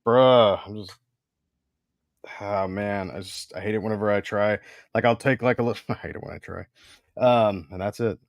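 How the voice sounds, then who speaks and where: A man's voice: on the low side, fairly even intonation, normal speed, no echo. A man chatting casually on a livestream while making parts for a figure, sighing and complaining in a laid-back way. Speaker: co-host of a toy customizing livestream.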